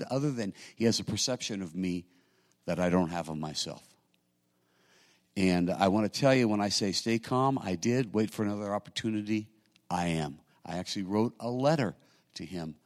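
A middle-aged male pastor delivering a sermon in a fairly low voice. He talks to the congregation in an easy, conversational way, then climbs into loud, emphatic bursts to drive a point home. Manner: conversational preaching, swelling to loud emphatic peaks.

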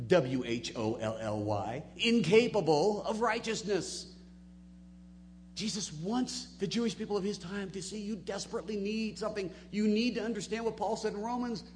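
A man preaching a sermon, moving between soft, low asides and loud, emphatic peaks. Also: slight background noise. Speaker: pastor.

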